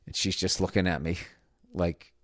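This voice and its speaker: A man with a fairly low voice tells a story on his podcast in a loose, swearing, self-mocking rant. The close mic gives a dry sound with no room echo. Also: moderate pace. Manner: profane, ranting, self-mocking. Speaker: podcast host. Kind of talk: casual storytelling monologue.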